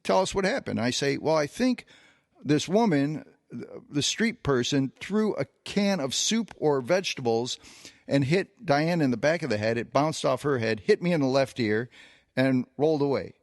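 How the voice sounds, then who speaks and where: A man's voice: mid-range voice, expressive, moderate pace, no echo, clean studio sound. A man co-hosting a podcast, recounting a long personal anecdote in a casual storytelling way, with plenty of fillers and restarts. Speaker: podcast co-host.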